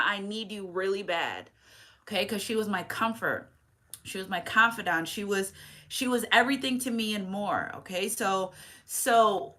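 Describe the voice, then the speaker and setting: A woman in her thirties talks through a spiritual reading as a medium. Her voice is bright and sits a little high. She rambles, restarts often and turns emotional, checking in with "okay?" along the way. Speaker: tarot reader and medium. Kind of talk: casual spiritual reading monologue.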